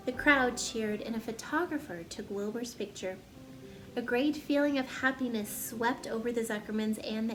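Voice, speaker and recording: A woman storyteller reading a children's chapter book aloud with gentle, expressive narration. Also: fairly high pitch.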